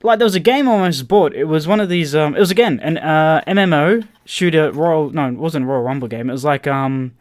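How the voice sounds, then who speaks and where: A man co-hosting a casual podcast chat, excitable, swearing often and restarting his sentences. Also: a little high, brisk, hardly any pauses, dry recording, studio quality. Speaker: podcast co-host.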